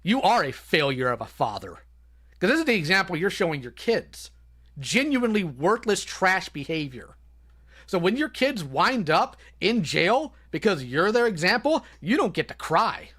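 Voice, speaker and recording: A man's voice: high voice, sing-song, moderate pace, pushed and bright. A man hosting a live stream, ranting scornfully at a video clip over voice chat. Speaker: streamer host. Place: home, voice chat.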